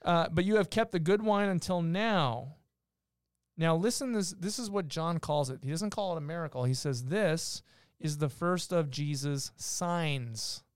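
A man talks through a Bible passage for his podcast co-hosts, reading verses aloud and pausing to explain them. His voice is smooth and a bit higher than most men's. The room sounds dry and close. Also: dry recording. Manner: explains patiently, reads verses aloud, many restarts. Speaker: podcast co-host teaching scripture. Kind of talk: casual explanatory Bible talk.

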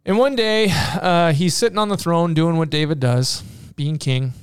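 A man in casual talk, retelling Bible stories in an animated way with playful asides and many fillers. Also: fairly high pitch, normal speed, clean tone, dry recording, studio quality.

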